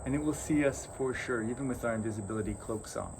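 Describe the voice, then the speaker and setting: A man puts on a mischievous fairy from the otherworld who loves sport and fun. He talks in loose, cheeky slang at a middle pitch. Loud crickets surround the outdoor recording. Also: fast talker, slight background noise, natural voice. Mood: worried. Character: mischievous male fairy trickster, fun-loving.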